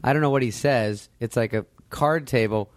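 A man's voice: mid-range voice, normal speed, no room sound. Dry, sarcastic man dropping by as a guest. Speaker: comedian guest. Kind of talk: casual comedic podcast banter. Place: podcast studio. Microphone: studio mic.

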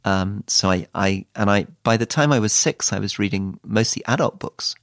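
A man's voice: lowish voice, normal speed, fairly bright tone, no echo. A British man, a former politician turned author, giving dry, wry interview answers. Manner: dry, wry storytelling with quoted asides.

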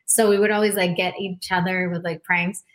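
A woman singer, a guest in a casual interview, telling stories with animated energy, lots of "like" and quick laughs. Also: fairly low pitch. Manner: animated storyteller, frequent "like", laughs a lot; acts out quoted voices.

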